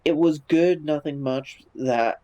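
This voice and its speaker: A man's voice: a little high, takes it slowly, mellow, lo-fi sound. A man streaming live, chatting casually and reacting to viewer messages in a laid-back way, swearing freely and restarting his sentences.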